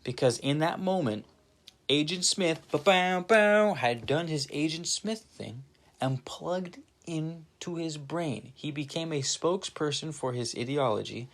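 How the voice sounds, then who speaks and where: A young man hosting his own channel, speaking an informal monologue to camera. He is animated, swears freely and often restarts his sentences. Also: a little high, a little slow. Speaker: channel host. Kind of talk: casual spoken monologue to camera.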